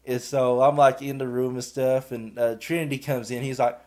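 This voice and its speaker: Young man, college athlete type, casual rambling storyteller, middle-pitched voice. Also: flat delivery, normal speed, few pauses, darkish tone. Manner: rambling, fills with "and stuff".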